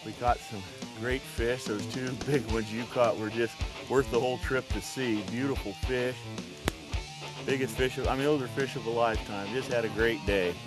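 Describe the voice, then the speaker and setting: A man's voice: medium pitch, steady tone, normal speed, over music. A man who is a fishing partner, chatting casually and easygoing on a boat outdoors. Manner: easygoing, short approving replies.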